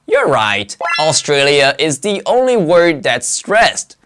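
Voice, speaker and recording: A pronunciation teacher narrating a scripted lesson in a lively, swooping voice. The delivery is clear and emphatic, with strong rises and falls at a mid pitch. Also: slow.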